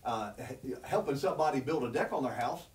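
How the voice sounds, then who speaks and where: A man's voice: medium pitch, lively intonation, a little fast, recorded from a distance. A man preaching a sermon, teaching from scripture in an earnest, conversational way that rises when he presses a point. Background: congregation responding.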